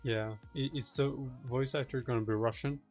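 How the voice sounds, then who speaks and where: A man's voice: mid-range voice, fairly even intonation, normal speed, darkish tone, soft background music. A man co-hosting a casual podcast, laid-back and answering with short agreements. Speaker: podcast co-host. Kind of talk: casual chat. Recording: dull lo-fi mic.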